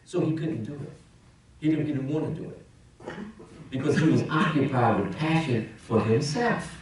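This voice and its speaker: Imam preaching in a very echoey hall. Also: male voice, mid-range voice, animated, normal speed, far from the mic, slight background noise. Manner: conversational preaching, rhetorical questions, swings loud and soft. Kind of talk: Friday sermon. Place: mosque prayer hall. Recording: very echoey mosque hall, speaker off-mic.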